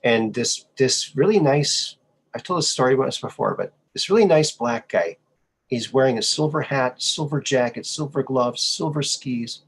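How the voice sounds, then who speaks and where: A podcast host with a medium-pitched voice shares personal stories at a moderate pace. His casual, conversational telling is animated, and he acts out the voices of the people he quotes.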